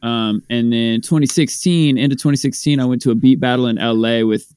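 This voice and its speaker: A man co-hosting a podcast, telling a joking, animated story in casual chat. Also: medium pitch, a little fast, smooth, dry recording, studio quality. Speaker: podcast co-host, rapper.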